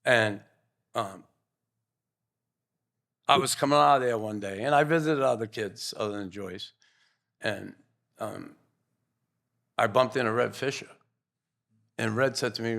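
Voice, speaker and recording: A man's voice: medium pitch, a little slow, vocal fry, long pauses, a bit bright. An older man, a podcast guest, telling earnest, rambling stories in a casual interview. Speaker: guest, former pro hockey player.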